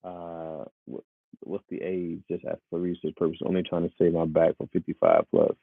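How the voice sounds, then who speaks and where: A man in his thirties chatting casually with viewers on a live stream. He is animated and laughs often. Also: moderate pace, vocal fry, slightly rough, no room sound. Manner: animated, laughs often, jumps into high voices. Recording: tinny phone-like, dry.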